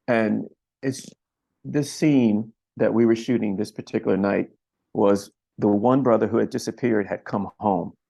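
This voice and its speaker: A man from Philadelphia, a camera operator being interviewed, telling a story in an earnest, reflective way and pausing often. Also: on the low side, fairly even intonation, creaky, dark tone, husky. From Philadelphia, USA.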